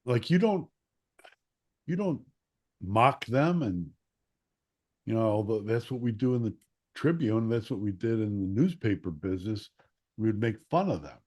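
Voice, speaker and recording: Guy telling a story from when he was a kid, lively, does the voices, coughs now and then. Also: fairly low pitch, normal speed, long pauses, breathy edge. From Chicago area. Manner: animated, acts out quotes, occasional coughs. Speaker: guest, former newspaper columnist. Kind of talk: storytelling in casual conversation.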